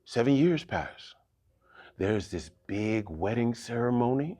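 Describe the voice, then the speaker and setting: A man telling a story as a casual youth sermon, animated and slangy, repeating phrases for effect, with a husky voice. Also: mid-range voice, takes it slowly. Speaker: youth preacher.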